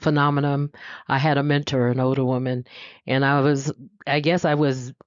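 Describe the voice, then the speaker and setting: A middle-aged woman from the US West Coast preaching a conversational sermon, animated and laughing often, jumping into high voices when she quotes people. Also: normal speed, no room sound. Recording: dull, dry lo-fi recording.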